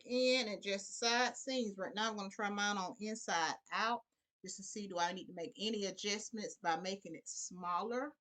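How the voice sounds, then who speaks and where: A woman's voice: mid-range voice, moderate pace, a bit bright. A middle-aged woman giving a casual sewing tutorial, chatty and talking to her viewers as y'all. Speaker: sewing vlogger.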